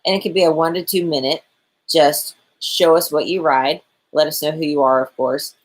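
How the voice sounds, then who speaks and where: Low-voiced woman in her 40s, chatty livestream host, explains stuff step by step. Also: fairly even intonation, moderate pace. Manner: chatty, apologetic, gives step-by-step instructions. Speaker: co-host of a motorcycle channel livestream. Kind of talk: casual livestream chat.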